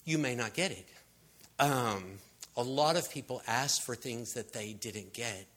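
A man's voice: medium pitch, unhurried. A man giving a sermon in a casual storytelling way, acting out the people in his stories. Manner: storytelling, acts out voices, shouts for emphasis. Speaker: preacher.

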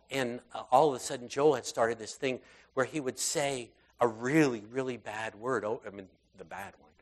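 Man telling stories in a casual sermon. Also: medium pitch. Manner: conversational, animated storytelling with fillers and quoted voices. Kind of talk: sermon storytelling.

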